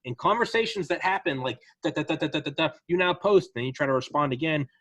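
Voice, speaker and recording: A man in casual political chat on a podcast, animated and profane, acting out the people he quotes. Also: on the high side, quick pace, dry recording.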